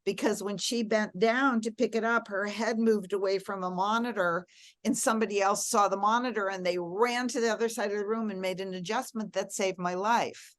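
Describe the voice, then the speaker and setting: A woman's voice: mid-range voice, steady tone, moderate pace, no echo, studio quality. A middle-aged woman, a guest in an interview, telling a personal story in an earnest, reflective way and leaning on key words.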